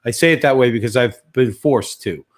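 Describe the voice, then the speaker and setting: A man's voice: mid-range voice, a little fast. A man, a guest on a casual podcast, ranting in a heated, emphatic way with plenty of swearing.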